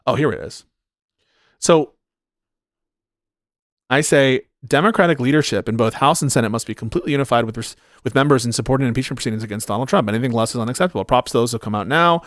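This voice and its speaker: A man's voice: medium pitch, fast talker, a bit bright, no room sound. A man doing live political commentary on stream in a dry, close sound. He talks bluntly and swears freely, rambling as he scrolls for comments. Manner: blunt and profane, rambling while searching comments. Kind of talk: livestream commentary reading chat.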